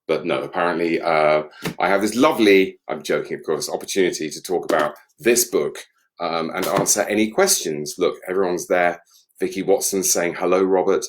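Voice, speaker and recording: A man's voice: low-pitched, normal speed, slight background noise. A middle-aged English man talking alone on a home livestream about his book, dry and self-mocking. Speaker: author on a live book event. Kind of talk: casual solo livestream chat.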